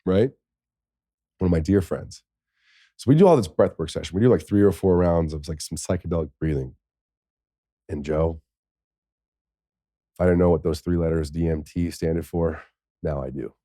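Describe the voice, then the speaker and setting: A man with a low, dark voice tells a personal story as a podcast guest. He rambles in an animated way and leans on "like" as filler. The sound is dry and close. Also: normal speed, long pauses, no room sound. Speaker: interview guest, former NFL tight end. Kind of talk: candid storytelling.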